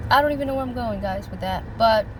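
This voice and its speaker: A woman talks in a rambling, heartfelt way to her viewers about faith, her voice sitting a little high. She is in a parked car outdoors. Clear traffic and street noise carry behind her. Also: fast. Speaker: vlogger. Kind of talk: casual faith vlog.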